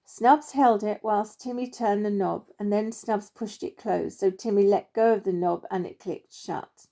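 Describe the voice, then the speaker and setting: A woman narrating a children's story in a gentle, expressive read-aloud manner. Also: medium pitch, moderate pace, vocal fry.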